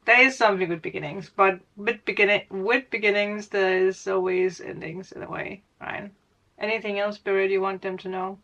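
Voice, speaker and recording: A woman's voice: medium pitch, fairly even intonation, normal speed, a bit bright, muffled recording. A woman giving a casual spiritual reading as a tarot reader, rambling, laughing often and correcting her own words. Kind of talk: casual spiritual guidance monologue.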